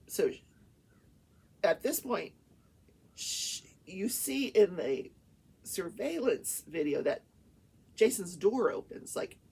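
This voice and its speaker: An older woman, a talk show host and retired attorney, chattily recaps a trial, retelling courtroom testimony as casual storytelling sprinkled with her own asides. Her voice is fairly low and husky, with a darkish tone and vocal fry.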